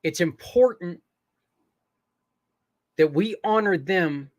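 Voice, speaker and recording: Earnest man with a higher voice. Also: slow, dry recording. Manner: earnest and rambling, with fillers and asides. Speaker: podcast host. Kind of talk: casual appeal to listeners.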